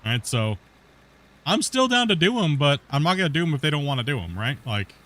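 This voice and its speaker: Very animated and brisk, this man's slightly bright voice sits on the high side. He streams a game with rambling casual chat, frequently laughing and cursing and forever adding "you know" and "right?".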